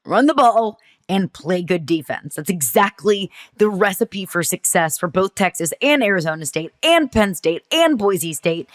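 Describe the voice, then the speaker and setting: A woman co-hosting a sports show, making dry, wry points and stacking up lists of facts. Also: lowish voice. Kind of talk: analytical sports talk.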